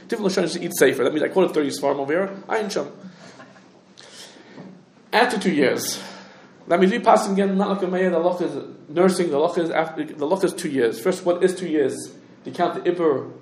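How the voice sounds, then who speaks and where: A man teaching a halachic lecture, talking quickly with restarts and lots of Hebrew and Yiddish terms. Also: fairly high pitch, gravelly, darkish tone, echoey room. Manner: rapid, halting, many restarts, heavy Hebrew terms. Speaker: Torah teacher.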